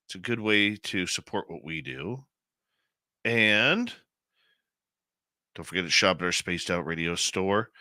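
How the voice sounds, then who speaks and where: A male radio host chats casually into a headset mic, greeting his listeners and reading their comments out loud. His voice is sharp and forceful, and the sound is dry and close. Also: lowish voice, no echo. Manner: chatty, greets listeners and reads chat comments aloud. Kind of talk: casual live radio chat. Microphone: headset microphone.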